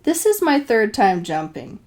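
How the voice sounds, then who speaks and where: A woman's voice: mid-range voice, big pitch swings, unhurried. A woman voicing a good-looking young man who reassures her kindly through a grin. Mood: amused. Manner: gentle, grinning reassurance.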